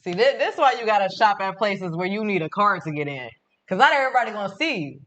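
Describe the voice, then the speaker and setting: A man's voice: sits high, expressive, fast, bright, forceful tone. A man hosting a reaction show, making joking, disbelieving remarks about a story. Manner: joking, incredulous asides. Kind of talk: casual reaction commentary.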